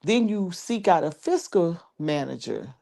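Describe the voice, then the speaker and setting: A woman's voice: fairly low pitch, very animated, unhurried, gravelly, mellow. A woman on a video call explaining things in a folksy way to a panel, often checking that she is followed. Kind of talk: casual panel discussion.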